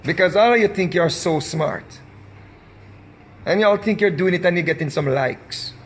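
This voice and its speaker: Man, Jamaican accent, high voice, impassioned vlog rant, emphatic, repeats himself, preaching. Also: creaky. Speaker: recording artist.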